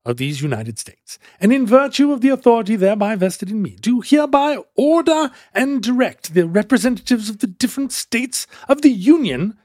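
A man's voice: high-pitched, lively intonation, fast talker, hardly any pauses, darkish tone, no echo, studio quality. A man voicing a grandiose self-declared emperor who reads out a formal proclamation in a vague, made-up accent. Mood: pompous, proclaiming. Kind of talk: comic reading in a put-on voice.

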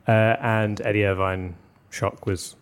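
Low-voiced man explaining at length. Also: flat delivery, takes it slowly, clear, resonant tone. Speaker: podcast co-host. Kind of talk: casual podcast chat.

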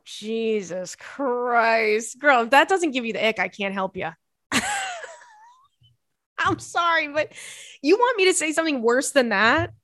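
A woman's voice: fairly high pitch, sing-song, unhurried, sharp tone, dry recording, clean studio sound. A woman in her thirties hosting a podcast, reading listener emails in a casual chat full of laughing tangents and swearing.

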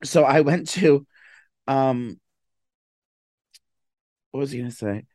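A man chatting casually in a very dry, close-miked sound, his voice groggy and slowed from a late night of drinking. He rambles through his stories, stacking fillers, then now and then breaks into a mock-tough shout before sliding back into his drowsy drawl. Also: medium pitch, no echo. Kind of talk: casual chat.

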